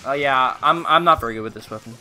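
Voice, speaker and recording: A man streaming a game live, chatting casually with viewers and teammates, excitable and humming along. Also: medium pitch, fast talker, noisy background. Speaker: gaming streamer.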